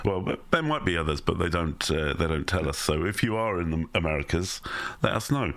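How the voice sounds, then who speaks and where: A man's voice: low-pitched, expressive, fairly quick, a bit bright. A man co-hosting a comedy podcast, chatting casually with lots of ums, restarts and chuckles. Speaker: podcast co-host.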